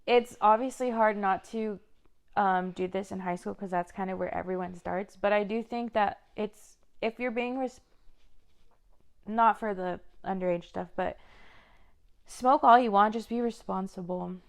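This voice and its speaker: A woman's voice: mid-range voice, measured pace, clear, resonant tone. A young woman co-hosting a podcast, chatting casually in a frank, blunt way. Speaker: podcast co-host. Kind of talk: casual chat.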